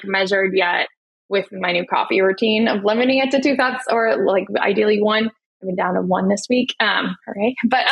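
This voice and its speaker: A woman in her thirties, a guest chatting in a casual, rambling, animated way during an interview. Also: medium pitch, breathy edge, low-quality recording. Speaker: guest, nonprofit CEO.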